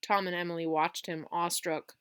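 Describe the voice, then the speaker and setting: A woman's voice: on the low side, brisk, clean tone. Woman reading a storybook aloud. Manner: expressive storytelling. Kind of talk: reading a chapter book aloud.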